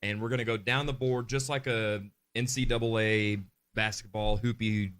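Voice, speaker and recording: A man's voice: fairly low pitch, flat delivery, moderate pace, a bit bright, clear, resonant tone. A man co-hosting a live podcast, chatting casually and reading viewer comments aloud in an upbeat way. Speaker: podcast co-host.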